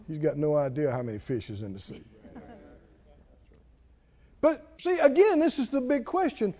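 A man preaching a sermon, emphatic and animated, who laughs at his own asides. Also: a little high, normal speed, slightly rough. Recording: long hall reverb, dull sound.

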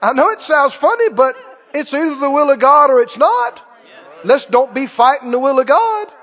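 A man preaching a sermon in an animated, emphatic way, repeating his key lines for stress. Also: very high voice, moderate pace. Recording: long church reverb, dull lo-fi sound.

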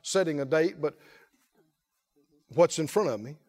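A male pastor preaching a lively sermon, often laughing and calling out to the congregation. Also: a little high, a little slow. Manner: animated, laughing, call-and-response preaching.

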